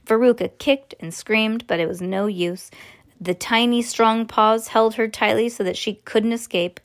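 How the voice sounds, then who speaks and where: Brief: woman, fairly high voice, reading a storybook aloud to a kid, expressive, self-correcting. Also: unhurried. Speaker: parent reading to a child.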